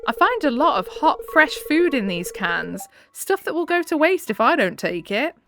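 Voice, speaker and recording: A British woman reading as an earnest, scruffy wanderer from a cozy farming game, pleading softly for understanding. Her pitch climbs and dips freely, and the lines come out lightly voiced rather than fully acted. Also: big pitch swings, normal speed, slight background noise, full character voice. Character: gentle scruffy man living off scraps, earnest.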